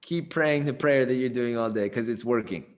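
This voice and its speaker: A man voicing a revered, wise male rabbi who speaks calmly and reassuringly. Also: medium pitch, normal speed, close to an everyday voice.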